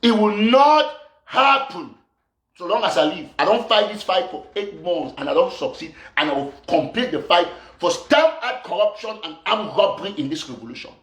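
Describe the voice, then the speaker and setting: Cameroonian Pidgin-accented activist host, man, high voice, accusatory and repetitive, echoey room. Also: animated, a little fast, hardly any pauses, fairly bright tone. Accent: Cameroonian Pidgin English. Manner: fiery and accusatory, repeats phrases for emphasis. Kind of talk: impassioned political rant to live viewers.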